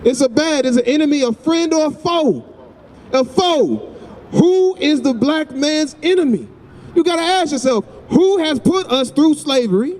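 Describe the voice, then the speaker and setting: Insistent high-voiced preaching man outdoors. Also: expressive, a little slow, darkish tone. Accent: Southern US. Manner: insistent, questioning, repeats phrases for emphasis. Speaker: street preacher. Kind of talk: street preaching to a passerby.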